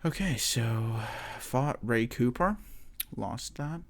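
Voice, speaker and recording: A man's voice: medium pitch, animated, takes it slowly. A man hosting a sports podcast, ranting casually, swearing often, laughing and trailing off mid-sentence. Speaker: podcast host. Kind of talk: casual profane rant.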